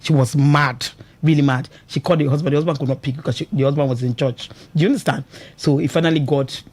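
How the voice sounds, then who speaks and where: A woman's voice: deep voice, fast talker, slightly rough. A woman with a Nigerian English accent hosting a radio show, chatting about marriage with a lot of emotion and laughing often. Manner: animated, emotional, laughs often, asks "you understand?". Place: radio studio.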